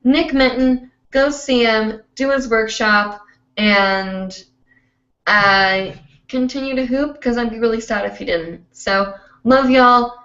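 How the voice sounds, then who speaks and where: A woman's voice: fairly high pitch, slow pace, a bit bright. Chatty woman hosting a roomy lo-fi livestream. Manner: rambling and chatty, with many fillers. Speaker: host of a live online show. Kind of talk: casual live-stream chat.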